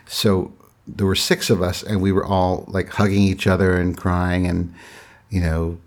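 A middle-aged man casually recounting a personal story in a halting, reflective way, often restarting his sentences. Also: low voice, flat delivery.

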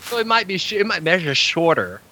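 A man's voice: sits high, very animated, fairly quick, bright, forceful tone, slight background noise, rough recording. A man co-hosting a casual tech chat, laughing often and restarting his sentences. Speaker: podcast co-host.

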